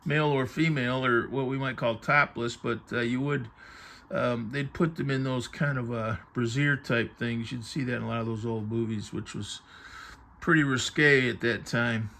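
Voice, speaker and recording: A man's voice: mid-range voice, steady tone, moderate pace, fairly bright tone. A man reviewing a book on vintage TV in casual commentary, chatty and musing aloud as his thoughts drift. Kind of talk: casual commentary while paging through a book.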